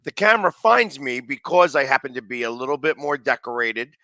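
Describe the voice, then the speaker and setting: A man hosting a sports talk show who talks loudly and rambles, often restarting his sentences. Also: mid-range voice, animated, fairly quick, no echo. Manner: loud, talkative, rambling with restarts.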